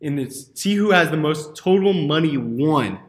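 A man's voice: on the high side, animated, normal speed, roomy sound. A man hosting a betting podcast, moving the segments along with wry asides. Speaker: podcast host.

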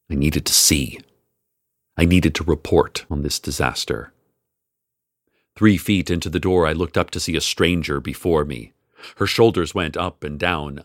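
A man narrating a scripted story in a calm, measured way. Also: a bass voice, dry recording, studio quality. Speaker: radio host narrator. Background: music.

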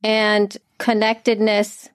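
A woman's voice: mid-range voice, monotone, slow pace, smooth, dry recording, studio quality. A woman co-hosting a casual chat, thoughtful and a little skeptical, rambling as she thinks aloud.

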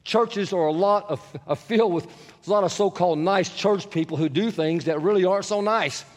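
Animated pastor with a high voice. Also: male voice, brisk. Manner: animated, questioning the congregation, jumps to shouts. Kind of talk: sermon. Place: church sanctuary. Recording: long church reverb.

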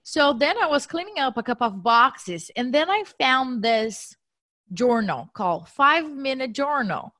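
Woman, podcast co-host, lively storytelling, fairly high voice. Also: a little slow. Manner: animated storytelling, acts out her own quotes. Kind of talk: casual chat.

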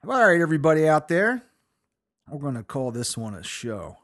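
Solo podcast host, man with a slightly high voice, profane and self-mocking storyteller who breaks into laughter. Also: sing-song, moderate pace.

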